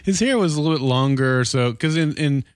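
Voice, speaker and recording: A man's voice: a little high, brisk, dry recording, clean studio sound. A man co-hosting a podcast, talking casually and hesitantly, often repeating words as he thinks. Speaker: podcast co-host. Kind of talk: casual TV discussion.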